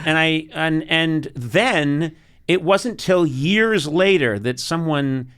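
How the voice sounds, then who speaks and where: Bright-voiced middle-aged man telling funny stories. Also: on the high side, slow pace, clear, resonant tone. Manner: animated, laughs often, voice rises loud when excited. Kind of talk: comic storytelling chat.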